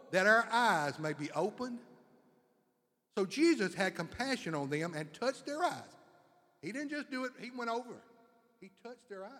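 A man's voice: high-pitched, a bit bright, in a large hall. A man preaching a sermon with fervent, repetitive emphasis, building phrases up again and again.

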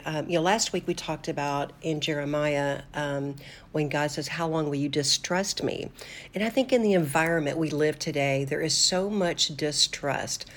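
An older woman hosting a devotional talk show, speaking earnestly and conversationally with fillers and restarts. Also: low voice. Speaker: host of a faith talk show.

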